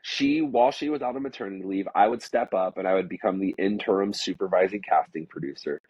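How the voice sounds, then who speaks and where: Guy with a low husky voice rambling thru a work story, lots of likes, dull dry lo-fi sound. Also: fast, no room sound. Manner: rambling, with many "like"s and restarts. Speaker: podcast guest telling a work story. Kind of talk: casual storytelling.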